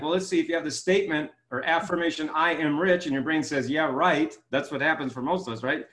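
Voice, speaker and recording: Animated storytelling man. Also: fairly quick, few pauses, echoey room. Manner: enthusiastic, acts out quotes with rising pitch. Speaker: guest author and keynote speaker.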